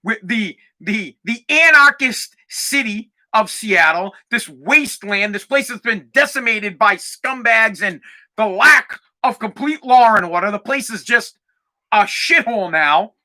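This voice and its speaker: Man, podcast host, heated profane rant, very sharp bright tone. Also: sits high, animated, unhurried. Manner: heated, profane, sometimes shouting. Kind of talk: ranting podcast monologue.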